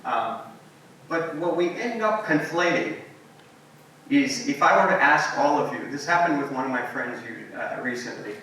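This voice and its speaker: A man with a bright, clear-edged voice gives a relaxed, story-driven keynote, easing along with ums and friendly asides. He is picked up from a distance in a large, strongly echoing hall. A faint hum of noise sits under the sound. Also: fairly high pitch, moderate pace. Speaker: invited guest speaker. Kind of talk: conversational storytelling keynote talk.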